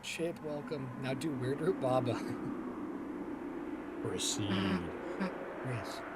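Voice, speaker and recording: Male live streamer, mid-pitched, reacts emotionally and talks to chat. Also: extremely slow, very noisy. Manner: emotional, excitable, addresses chat. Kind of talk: live gaming commentary. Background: loud game music.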